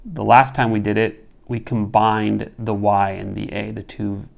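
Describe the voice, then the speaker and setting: A man giving a slow, deliberate lecture on poetic meter, sounding out words syllable by syllable. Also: lowish voice, flat delivery, gravelly, no room sound, dull audio. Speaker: literature teacher.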